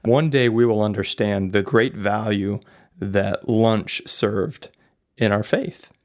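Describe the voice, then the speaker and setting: Gravelly-voiced man hosting a faith podcast. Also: fairly low pitch, fairly even intonation, slow. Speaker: podcast host. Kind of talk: casual faith discussion.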